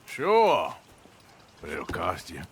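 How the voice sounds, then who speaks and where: Blunt outlaw, dry drawl, terse replies, lively pitch swings, faint ambience behind, game cutscene. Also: male voice, slow, a little hiss or hum, full character voice. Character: gruff weary male outlaw, blunt and reluctant. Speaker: hired gunman. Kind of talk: video game cutscene acting.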